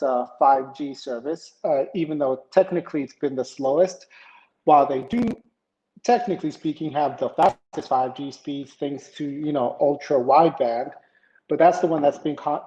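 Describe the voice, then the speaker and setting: A livestream tech host with a warm voice on the high side chats casually with viewers, greeting them in chat and reading the news in a rambling, filler-heavy way. His setup is an iPad camera and PC at home. The room is echoey, and the sound is dull and lo-fi.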